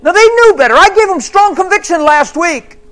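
A man preaching a sermon, voicing an exasperated God who complains loudly. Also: animated, brisk. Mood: indignant. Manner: loud, shrill and indignant.

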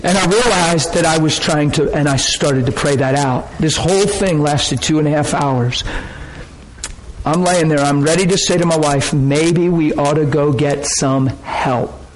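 A man preaching a sermon, telling a personal story in a dramatic, emotional way that breaks into shouts and laughter. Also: a little high, background noise.

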